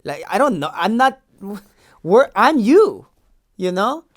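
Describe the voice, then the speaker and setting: A man's voice: sits high, sing-song, slow pace, heavily acted. A man playing a boastful young immigration agent. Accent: Los Angeles valley. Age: 20s. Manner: defensive, rambling, slangy. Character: young male Mexican-American immigration agent, defensive and boastful. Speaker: podcast co-host. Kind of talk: improvised comedy sketch.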